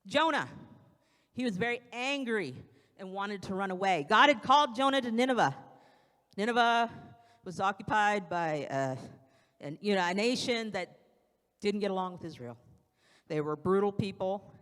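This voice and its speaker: A woman's voice: medium pitch, lively intonation, moderate pace, a bit bright. A woman giving an evening sermon in a conversational way, acting out quotes now and then, speaking into a pulpit microphone in a church sanctuary. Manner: conversational preaching with acted-out quotes. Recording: long church hall reverb.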